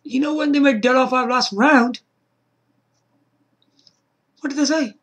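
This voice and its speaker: A husky man talks in a slow, drawn-out way on his casual video, full of hype. He beatboxes between sentences and jumps up into loud, high-pitched shouts when he gets excited. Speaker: YouTuber.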